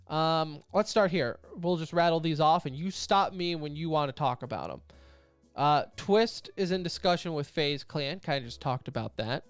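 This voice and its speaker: A man's voice: fairly high pitch, vocal fry, no echo. A man co-hosting an esports podcast, running through news items in a loose, joking way. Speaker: podcast co-host. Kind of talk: casual esports podcast chat.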